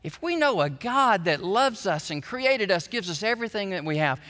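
Animated pastor preaching in a hall. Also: male voice, high voice, moderate pace. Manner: animated, swings from quiet prayer to loud shouting. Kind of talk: sermon. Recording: reverberant hall.

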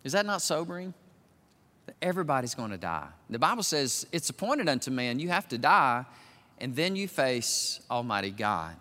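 An older man preaching as a pastor, moving from quiet musing to loud, emphatic declarations. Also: mid-range voice, sing-song, normal speed. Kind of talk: sermon. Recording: long reverb of a large hall.

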